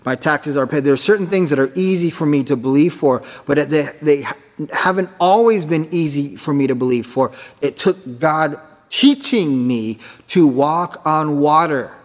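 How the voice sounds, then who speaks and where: A man preaching a sermon as pastor, emphatic, with rhetorical questions. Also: a little high. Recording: echoey hall with long reverb.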